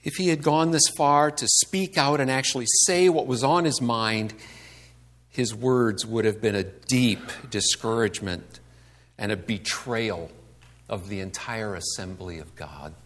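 A man's voice: lowish voice, a little slow, a bit bright. A man giving a conversational sermon to a congregation, asking rhetorical questions and acting out the complaints he quotes. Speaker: pastor.

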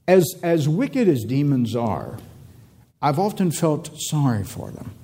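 Male preacher, lively pitch, mellow tone, sermon delivery with drawn-out emphasis. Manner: animated, drawn-out emphasis, reads scripture aloud.

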